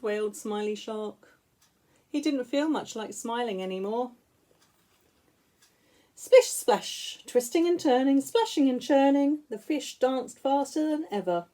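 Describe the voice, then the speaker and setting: A woman teacher reading picture books aloud to young children in an expressive, sing-song way. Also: high-pitched, unhurried. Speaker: school teacher.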